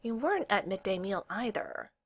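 A woman's voice: medium pitch, big pitch swings, normal speed, breathy edge. A woman voicing a blunt, squeamish young man in a storybook reading.

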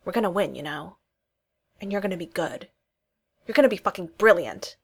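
A woman's voice: on the low side, expressive, fairly quick, slightly rough. A woman voicing a brash, teasing male political aide in a story reading, boisterous and joking. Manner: boisterous, joking, then suddenly intense.

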